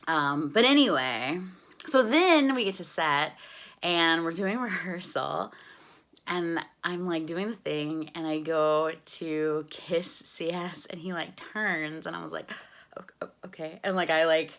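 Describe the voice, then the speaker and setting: Chatty low-voiced woman telling a story. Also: unhurried. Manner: chatty, animated, lots of "like", jumps high when quoting herself. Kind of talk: casual storytelling vlog.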